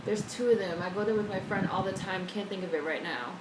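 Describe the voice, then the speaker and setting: A woman's voice: medium pitch, quick pace. Chatty woman streamer in echoey room. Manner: chatty, swears freely, reads chat aloud. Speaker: live streamer. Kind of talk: casual live stream chat. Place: home room, indoors. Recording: echoey room with faint background noise.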